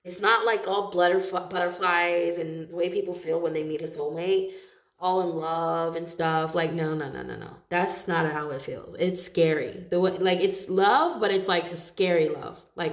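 Lady doing a chill tarot reading, kinda low voice, swears a lot, laughs, echoey room. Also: normal speed. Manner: chatty, swears freely, laughs often. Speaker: tarot reader.

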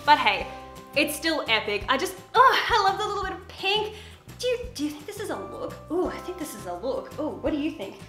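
With a high-sitting voice, big pitch swings, and a brisk pace, a young woman on YouTube does a bubbly try-on haul. She chats away, laughs a lot, and speaks to her pet, recorded in an echoey room over background music.

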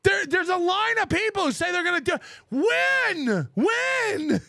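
A fast-talking male streamer with a high, raspy, bright and forceful voice tears into his critics, swearing freely and laughing between insults. The sound is close and dry, with no echo.

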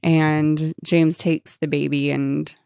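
A woman talks through a novel in loose, chatty podcast conversation and now and then reads passages aloud. Her voice sits low with a gravelly edge, and the sound is close and dry. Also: flat delivery, slow, warm tone, no echo. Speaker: podcast co-host. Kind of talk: casual book chat with read-aloud passages.

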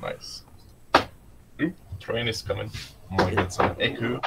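Playful guy with a low-ish voice, Czech first language, laughing through easygoing chat. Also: takes it slowly, creaky, heavy background noise. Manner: playful, laughs often, stumbles and restarts. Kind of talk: casual chat.

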